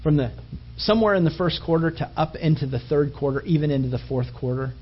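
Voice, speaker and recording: A male preacher delivering a sermon as animated storytelling that builds to emphatic peaks. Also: on the high side, fast, husky. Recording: dull lo-fi recording.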